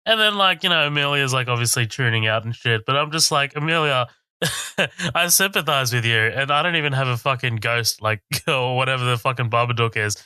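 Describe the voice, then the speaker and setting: A man's voice: mid-range voice, fairly quick, pushed and bright, smooth, no echo. A man co-hosting a film podcast, chatting in a laid-back, agreeable way and often calling his co-host dude. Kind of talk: casual film-review chat.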